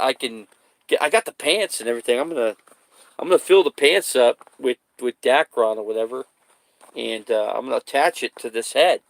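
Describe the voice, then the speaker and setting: Brief: a rambling, foul-mouthed man vlogging with a gravelly mid-pitched voice. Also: no echo. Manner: rambling, loose, swears casually, laughs at own jokes. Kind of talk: casual vlog chat.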